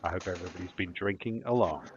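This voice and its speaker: Dry, teasing low-voiced podcast man. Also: quick pace, slight background noise. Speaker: podcast host. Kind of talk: casual podcast chat. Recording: dull lo-fi recording.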